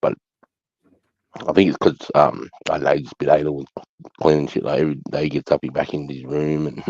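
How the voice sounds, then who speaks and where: A man's voice: very deep voice, little pitch movement, moderate pace, creaky, long pauses, a little mellow, breathy edge, dry recording. A middle-aged Australian man telling stories in casual chat, blunt and sweary. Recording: dull lo-fi sound.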